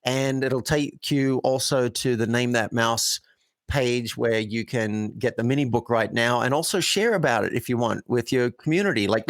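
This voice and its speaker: A man's voice: mid-range voice, unhurried, no echo. A man coaching guest in an interview, telling stories earnestly and acting out example phrasings. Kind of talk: conversational interview.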